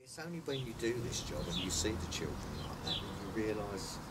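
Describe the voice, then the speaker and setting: A man's voice: on the low side, big pitch swings, fairly quick. A man working as a foster carer, talking earnestly and telling a story in a casual interview. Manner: earnest, storytelling, repeats himself. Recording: distant mic, noisy background.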